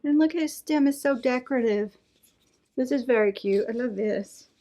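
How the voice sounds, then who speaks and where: A middle-aged woman, chatting excitedly as she unboxes craft items and reads out prices. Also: sits high, moderate pace. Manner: gushing, enthusiastic, reads out prices. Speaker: unboxing vlogger. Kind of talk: casual unboxing chat.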